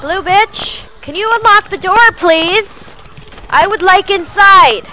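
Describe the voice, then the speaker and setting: A woman giving loud, profane gameplay commentary, yelling at her character. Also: very high-pitched, slow pace, slight background noise, rough recording. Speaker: let's play gamer.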